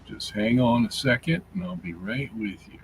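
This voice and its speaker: A man hosting a show, explaining scripture and its Greek grammar in a deliberate, teacherly way, with fillers and repeated words. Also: medium pitch, very animated, a little hiss or hum, rough recording. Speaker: show host reading his Bible commentary.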